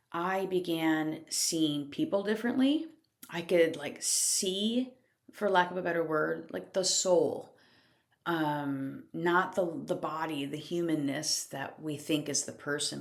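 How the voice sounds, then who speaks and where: Woman podcast host, deep and unhurried, casual confessional storytelling. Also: creaky. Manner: candid, casual, laughs often, swears lightly. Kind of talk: reflective personal storytelling monologue.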